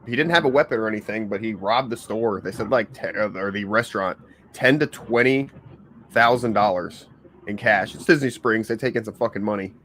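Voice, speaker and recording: A man's voice: lowish voice, fairly quick, fairly bright tone, a little hiss or hum. A man hosting a casual livestream podcast, laid-back and swearing freely as he rambles through stories. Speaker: podcast host.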